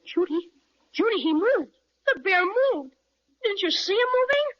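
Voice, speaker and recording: A woman playing an excitable young boy who speaks in eager exclamations, in a radio play on a dull lo-fi recording. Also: extremely high pitch, a little slow, full character voice. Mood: excited.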